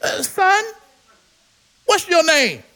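Brief: a man playing a condescending old temple scholar, very high and piercing, scolding and incredulous. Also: very animated, drawn-out words, sharp tone, full character voice. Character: skeptical older male temple scholars, condescending.

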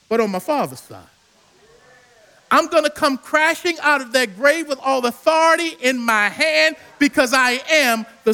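A man voicing the twelve-year-old Jesus, who answers his elders with measured, proclaiming confidence. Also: very high-pitched, pushed and bright, exaggerated voice.

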